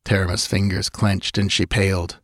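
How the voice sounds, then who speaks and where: A man narrating a fantasy audiobook in an expressive, measured storytelling manner. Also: low voice, no room sound, studio quality.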